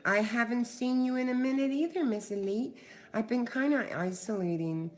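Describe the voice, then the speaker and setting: A woman's voice: a little high, moderate pace, darkish tone, faint music behind. A middle-aged woman hosting a casual livestream, chatting with viewers and swearing freely. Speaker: livestream host.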